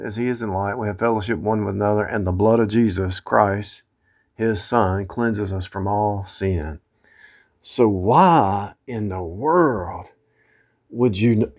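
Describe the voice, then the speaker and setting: A man's voice: on the low side, darkish tone. A man giving an informal sermon, quoting scripture in old-fashioned wording and scolding his listeners, with emphatic outbursts. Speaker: preacher.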